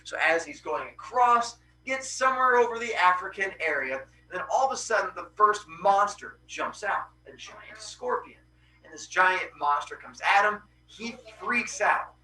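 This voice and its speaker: A man hosting a podcast, retelling a myth in a casual, animated, jokey way with playful asides. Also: high voice, a little slow, echoey room, far from the mic, slight background noise, rough recording. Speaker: podcast host.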